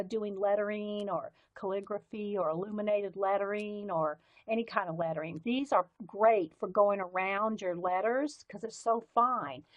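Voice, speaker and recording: A woman's voice: mid-range voice, fairly bright tone. A woman with a light Southern US accent, hosting a casual live stream and chatting as she demonstrates pens and markers, rambling and easily sidetracked. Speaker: livestream art host.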